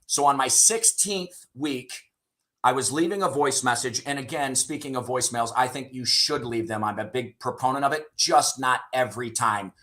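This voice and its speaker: Sharp in tone, with a medium pitch and moderate pace, this middle-aged man is a sales leader appearing as an interview guest. He shares stories frankly, swears casually, and tags many of his points with "right?".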